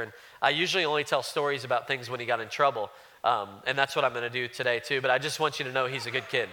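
Bright-voiced earnest male preacher. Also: mid-range voice. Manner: earnest, conversational preaching with frequent restarts. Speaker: pastor. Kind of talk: sermon.

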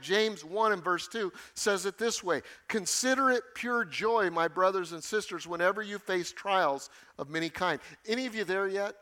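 A man's voice: sits high, bright, forceful tone. A middle-aged man preaching a sermon with emphatic delivery, repeating key phrases for weight. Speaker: pastor.

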